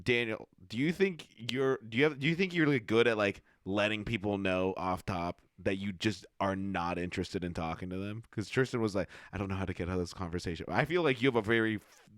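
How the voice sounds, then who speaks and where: A man's voice: lowish voice, a little fast, a bit bright, no room sound, clean studio sound. Young man cracking mock-courtroom jokes. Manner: mock-formal jokes, laughs along. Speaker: podcast co-host. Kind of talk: crude comedic banter.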